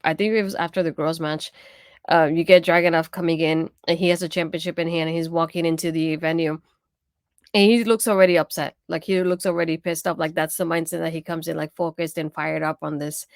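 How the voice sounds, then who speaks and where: A woman with a lowish, smooth voice, chatting casually as a podcast co-host. Her speech is loose and full of fillers, recorded close and dry. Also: fairly quick, no echo. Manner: relaxed, many "like" fillers. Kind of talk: casual chat.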